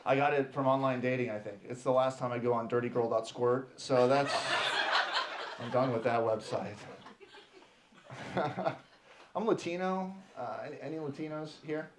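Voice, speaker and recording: A man in his thirties from Texas doing a stand-up comedy set on a club stage, animated and playing out little voices. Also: mid-range voice, fairly quick, a little hiss or hum.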